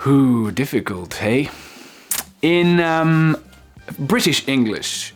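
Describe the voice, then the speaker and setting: Man, French native, English teacher, slow exaggerated repetition, lively pitch, faint background music. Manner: slow, exaggerated word-by-word modeling. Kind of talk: lesson for French speakers.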